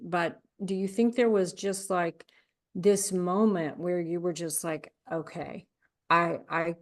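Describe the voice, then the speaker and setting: A woman's voice: on the low side, darkish tone. A woman podcast host asking long, reflective questions in a conversational way. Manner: reflective, rambling questions with many fillers. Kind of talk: conversational interview.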